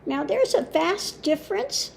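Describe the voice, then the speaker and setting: Woman spiritual teacher, unhurried and mocking, high voice. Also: very animated, vocal fry, slight background noise. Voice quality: slow, deliberate with long pauses and frequent laughs. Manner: scornful, emphatic, mocking. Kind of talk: casual monologue.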